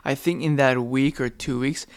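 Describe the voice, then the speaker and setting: A man's voice: mid-range voice, normal speed, clean tone, dry recording. A young man and new father, chatting casually, joking around while tired and yawning. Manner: joking, animated, acts out quotes. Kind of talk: casual chat.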